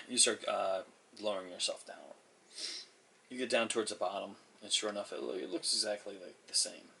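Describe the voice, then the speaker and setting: A man's voice: lowish voice, fairly even intonation, moderate pace, vocal fry, bright, forceful tone, slightly rough. A man narrating a tabletop game as game master, casual with many fillers and frequent chuckles.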